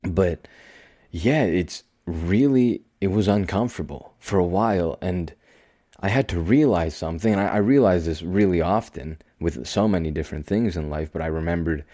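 A young man hosting his own podcast, talking calmly and slowly in a rambling, self-deprecating way. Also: deep voice, dry recording, studio quality. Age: young adult. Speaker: podcast host. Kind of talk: casual solo podcast monologue.

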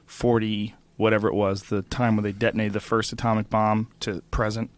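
A man's voice: on the low side, level tone, a little fast. A man hosting a podcast and chatting casually, with a teasing, joking manner. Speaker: podcast host. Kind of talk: casual conversation.

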